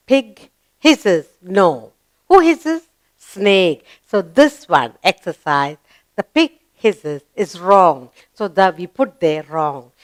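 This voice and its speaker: A woman's voice: a little high, fairly bright tone, smooth, dry recording. A woman teaching a grammar lesson to young children, asking sing-song questions and praising answers.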